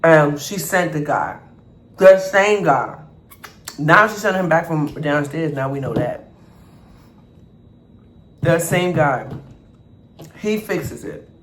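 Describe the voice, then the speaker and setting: A man vlogger telling a storytime over an eating show, animated and acting out the people in his story. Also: a little high, takes it slowly, pauses often. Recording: echoey room, faint background noise.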